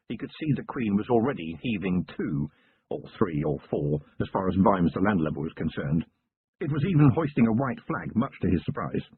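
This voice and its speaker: A man narrating an audiobook in a measured, dry storytelling manner. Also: medium pitch, slightly rough. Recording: tinny lo-fi recording.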